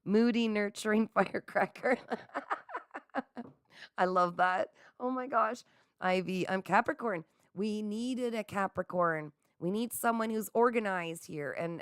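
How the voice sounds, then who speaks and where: A middle-aged woman hosts a livestream in a mid-range voice, recorded dry with clean studio sound. She chats casually with viewers, reads their comments aloud, and laughs often, staying excitable and speaking straight to her audience.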